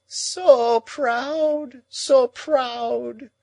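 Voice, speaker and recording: A man's voice: extremely high pitch, very animated, slow pace, a little mellow, no room sound, pitched above the performer's own voice, exaggerated voice. A man playing a shrieking, anguished old woman. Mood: moaning. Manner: moaning, wailing, overwrought.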